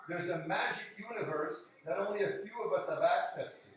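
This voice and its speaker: A man's voice: sits high, fairly quick, a bit bright. A man in casual conversation, talking in an emphatic, skeptical way and acting out what other people say. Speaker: conversation partner. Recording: very echoey room, voice from far off the mic.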